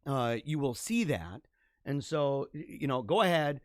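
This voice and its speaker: A man hosting his own livestream show, signing off in an energetic, rambling, chatty way, his voice a little hoarse. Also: mid-range voice, a little slow, no echo, studio quality. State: slightly hoarse. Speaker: podcast host. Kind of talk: casual livestream sign-off.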